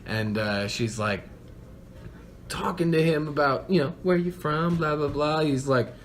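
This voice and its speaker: A man's voice: fairly high pitch, measured pace. Young man telling a crude bar story. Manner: laughs often while telling a story, crude joking. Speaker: podcast co-host. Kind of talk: casual storytelling chat. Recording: faint background noise.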